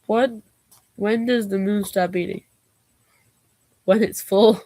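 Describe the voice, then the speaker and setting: A woman's voice: mid-range voice, fairly even intonation, slow pace, warm tone, dry recording. A woman vlogger reading knock-knock jokes aloud, taking both parts herself and breaking off for giggly asides.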